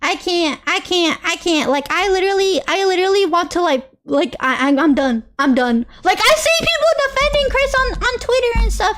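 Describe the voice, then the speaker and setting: Young woman streamer, very high voice, worked-up rant, repeats herself. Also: a little fast, few pauses. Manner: animated, ranting and repeating herself, with laughs and apologies. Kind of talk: casual live-stream rant.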